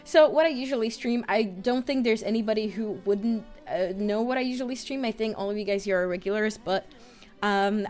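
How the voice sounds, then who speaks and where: A woman in her twenties streaming live, chatting casually, excitable and a bit nervous as she greets her viewers. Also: medium pitch. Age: 20s. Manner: excitable, gushing greetings to chat; nervous, self-conscious chatter.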